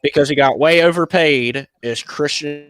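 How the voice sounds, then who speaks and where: Brief: confident male podcaster, flat-out bold calls, close dry mic. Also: a little high, normal speed, dry recording. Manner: blunt, confident predictions. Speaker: podcast co-host. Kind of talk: casual sports chat.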